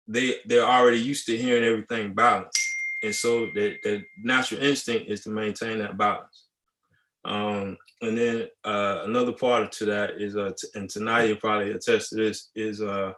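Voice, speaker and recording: A man's voice: fairly low pitch, normal speed. Man talking in an echoey room. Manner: relaxed and conversational, acts out students' replies. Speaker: high school band director. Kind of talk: masterclass talk.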